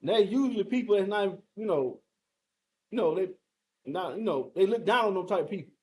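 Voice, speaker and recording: A man's voice: high-pitched, lively intonation, a little fast, a little mellow. A man teaching a fiery scripture breakdown, emphatic and confrontational, firing rhetorical questions and mild curses at his listeners.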